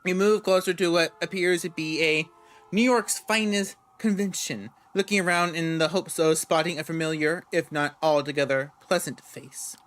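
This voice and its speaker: A man reads game narration aloud in a casual, relaxed way, often tripping over words and starting them again. His voice is bright and sharp, and it sits a little high for a man. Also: moderate pace. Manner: stumbles and restarts words while reading. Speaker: gamer reading a visual novel aloud.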